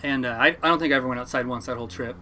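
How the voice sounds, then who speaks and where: Fast-talking man telling fishing stories. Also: mid-range voice, slight background noise. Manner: animated yarn-spinner, laughing at his own story. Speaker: fishing boat captain, podcast guest. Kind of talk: casual storytelling.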